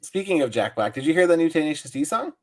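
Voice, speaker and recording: A man's voice: on the high side, sing-song, fast. A man co-hosting a podcast in easygoing, chatty casual talk. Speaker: podcast co-host. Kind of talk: casual chat.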